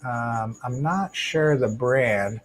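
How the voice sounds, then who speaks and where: A man hosting a casual live stream about his shrimp tanks, talking into a lapel mic in a home fish room in a relaxed, chatty way with plenty of fillers and restarts. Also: medium pitch, takes it slowly, rough recording. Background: faint hum of aquarium tanks.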